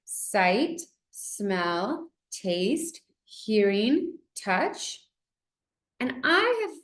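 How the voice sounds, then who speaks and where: A woman's voice: medium pitch, reverberant. A young woman hosting a casual book discussion, chatty and full of "like," reading passages aloud now and then. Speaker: book club host.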